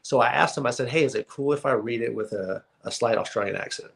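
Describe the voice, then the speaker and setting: A man, an actor guest, telling stories in a casual interview chat, animated and laughing often. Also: medium pitch, fast talker, gravelly, background noise.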